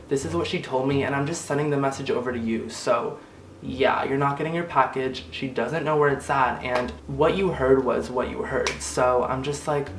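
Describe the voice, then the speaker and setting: A young man vlogger telling a casual storytime, chatty and animated, with lots of "like.". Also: mid-range voice, moderate pace, echoey room, distant mic, a little hiss or hum. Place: room in an apartment.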